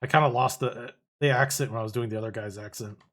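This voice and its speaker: A man's voice: mid-range voice, steady tone, quick pace, background noise. A man streaming a game, chatting casually with many fillers and restarts. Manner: rambling, hesitant, many fillers. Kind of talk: casual live-stream chat. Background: game music.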